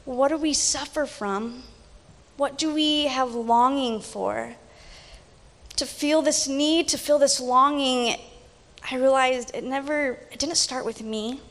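Slow, searching woman in echoing hall. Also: high voice. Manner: questioning, slow, hushed toward the end of phrases. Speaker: reader of a devotional reflection. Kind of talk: personal devotional reflection. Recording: long echo of a large hall.

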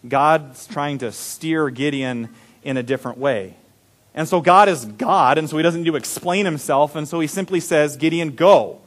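A man preaching a sermon, animated and chuckling, sometimes dropping to soft low tones. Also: normal speed. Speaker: pastor.

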